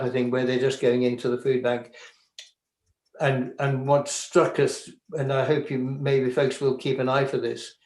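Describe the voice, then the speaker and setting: British guy talking slow and careful, lots of restarts, echoey room. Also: mid-range voice, darkish tone. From Britain. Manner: hesitant, thoughtful, many restarts. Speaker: filmmaker guest. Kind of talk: conversational talk. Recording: roomy echo.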